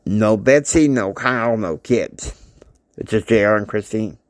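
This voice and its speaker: A man's voice: lowish voice, measured pace. A man hosting a podcast, retelling a family drama story in a loose, rambling way with restarts and asides. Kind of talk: casual story retelling with acted quotes.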